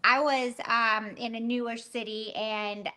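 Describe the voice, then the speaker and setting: Female guest, high, bright voice, chatty storyteller who animates the dialogue she quotes. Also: fairly even intonation, unhurried. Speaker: discussion guest. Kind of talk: casual anecdote.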